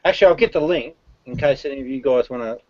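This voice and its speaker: A man's voice: medium pitch, quick pace. A man hosting a live online show, speaking mildly and hesitantly, apologetic and set back from his mic. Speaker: host. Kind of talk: casual chat. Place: online video hangout. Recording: muffled lo-fi online call audio.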